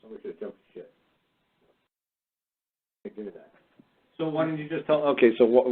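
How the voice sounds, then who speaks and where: Male call-in host: brusque, swearing lecturer, talks quickly, tinny phone-line quality. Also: medium pitch, animated, slightly rough. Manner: blunt, profane and lecturing. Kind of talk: call-in radio talk. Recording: phone-like narrow sound.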